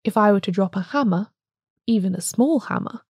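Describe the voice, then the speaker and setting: A woman voicing a calm, wise male priest who speaks gravely and gently in an audiobook reading. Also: sits high, fairly quick, no room sound, studio quality, full character voice.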